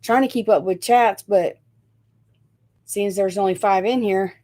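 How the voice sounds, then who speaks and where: A woman's voice: medium pitch, a little slow, dark tone. A middle-aged woman from Indiana with a Southern Tennessee accent, chatting casually on a live stream, rambling and correcting herself as she goes. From northern Indiana, raised in Tennessee. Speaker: host of a live chat stream.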